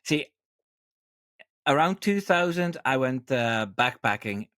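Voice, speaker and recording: A man hosts a podcast and tells a long joke in an unhurried, rambling way. He pauses often with ums and restarts. The sound is dry, with no room echo. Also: medium pitch, expressive, a bit bright. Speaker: podcast host. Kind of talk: casual chat, telling a joke.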